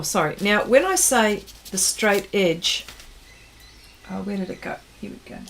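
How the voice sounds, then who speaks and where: A woman's voice: medium pitch, fairly bright tone. A woman hosting an art livestream, chatting casually while she paints and reading viewers' comments aloud, often trailing off mid-sentence.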